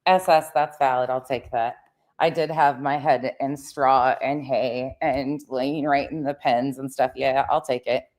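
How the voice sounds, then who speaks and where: A woman's voice: very deep voice, fairly even intonation, measured pace, a little mellow, dry recording. A woman with a nasal voice, hosting reaction commentary with sarcastic, profane remarks. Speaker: commentary channel host.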